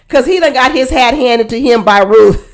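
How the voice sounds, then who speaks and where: A woman with a fairly high voice gives a casual reaction commentary, blunt and sassy. Her delivery is animated and she breaks into laughing asides. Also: a little slow. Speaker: reality TV reaction host.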